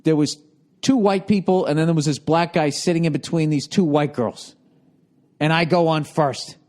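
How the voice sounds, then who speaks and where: This man in his forties is a comedian telling an exasperated, profanity-packed story, his voice shooting up when he gets riled. His voice is on the high side and darkish, with a steady tone and normal speed.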